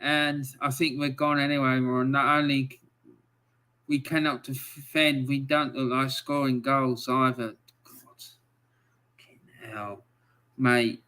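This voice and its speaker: Bright-toned, unhurried football host. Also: male voice, mid-range voice. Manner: excitable, chatty, swearing. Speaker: football fan show host. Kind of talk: live-stream chat reading viewer comments.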